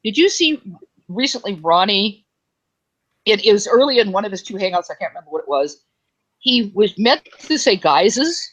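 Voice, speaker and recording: A woman's voice: medium pitch, big pitch swings, poor audio. A woman co-hosting a casual online group chat, chatty and rambling. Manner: chatty, rambling, quick to laugh.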